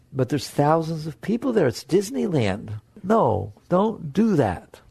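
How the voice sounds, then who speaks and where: Gravelly man giving a coaxing spiritual talk. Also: measured pace, few pauses, no room sound. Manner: animated, jumps between playful high voices and soft low asides; direct, coaxing. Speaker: spiritual teacher.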